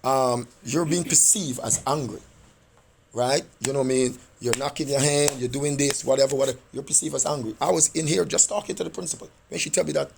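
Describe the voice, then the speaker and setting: A man's voice: medium pitch, a little fast, vocal fry, slight background noise. A man who is a parent and coach, insistently arguing his case in a meeting with school staff and often checking in with "right?".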